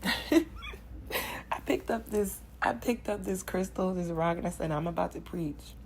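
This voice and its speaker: A woman's voice: fairly low pitch, measured pace, gravelly, darkish tone, a little hiss or hum, rough recording. A young woman doing a channeled tarot reading, preaching affirmations with passion and sighing between lines. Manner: impassioned, preachy, repetitive affirmations. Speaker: spiritual card reader.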